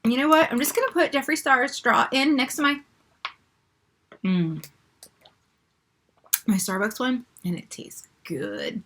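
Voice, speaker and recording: Unboxing vlogger, woman, 40s; gasps and squeals, high and bright. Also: unhurried, pauses often. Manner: excitable, gasping and squealing. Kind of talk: unboxing vlog.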